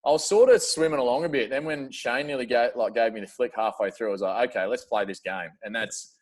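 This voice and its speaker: A man's voice: medium pitch, fast, a little mellow. An Australian man chatting casually as a podcast guest, laid-back and slangy, laughing often. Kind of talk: casual chat.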